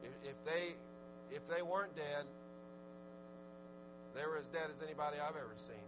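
A man preaching a sermon, swinging from fervent exhortation to low, conversational asides. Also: moderate pace, noisy background. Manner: rising to fervent shouted exhortation, then dropping low and conversational.

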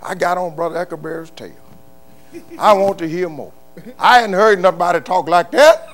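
An older man preaching a sermon, moving from quiet murmured storytelling to loud, impassioned shouts. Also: high-pitched, normal speed, faint music behind. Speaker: pastor.

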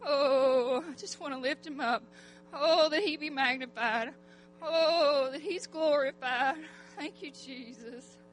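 A woman's voice: high-pitched, a little slow, over music. A middle-aged woman giving a heartfelt, fervent church testimony, breaking into sighing "oh"s between phrases. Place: church congregation.

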